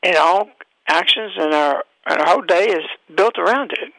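A man's voice: high voice, moderate pace, vocal fry, pushed and bright, no room sound, low-quality recording. A man hosting a radio talk show, delivering an emphatic, preachy monologue full of rhetorical questions.

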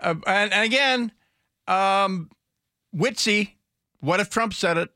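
A man's voice: high-pitched, takes it slowly, pushed and bright, no room sound. A man hosting a talk radio show, rambling commentary with sarcastic, mocking asides into a studio microphone.

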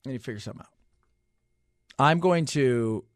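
A man's voice: mid-range voice, fairly quick, dry recording, clean studio sound, voice pushed down, natural voice. A man putting on a brash, boastful older president, rattling off clipped instructions.

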